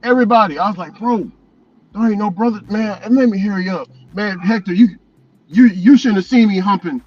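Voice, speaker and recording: A man's voice: high voice, brisk, muffled recording. A man vlogging as a delivery driver, chatting casually and telling loose, profane stories with frequent laughs. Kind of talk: casual chat.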